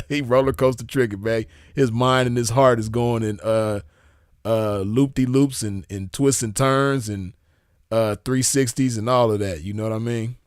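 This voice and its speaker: Male commentator, low voice, relaxed slangy delivery, dry close sound. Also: a little slow, no echo. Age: adult with a child. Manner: laid-back and slangy, keeps checking in with the listener. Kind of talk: casual commentary reading messages aloud.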